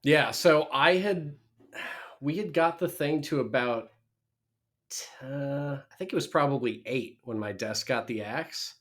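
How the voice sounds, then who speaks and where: A man from Minnesota, a real estate investor, telling stories as a podcast guest with high energy, blunt profanity and quick restarts. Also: a bit bright. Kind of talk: casual interview storytelling.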